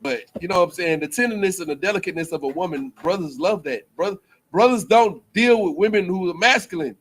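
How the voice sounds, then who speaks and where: He's a fast talker with a high-pitched, expressive, slightly rough voice, leading a group teaching session with a casual preaching talk that rambles and repeats phrases, heavy on slang.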